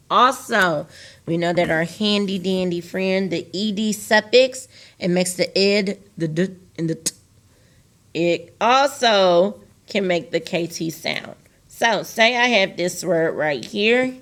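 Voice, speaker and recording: Recording a lesson for young students, a woman teacher slowly sounds out each syllable of words while talking straight to the class. Her voice is on the low side.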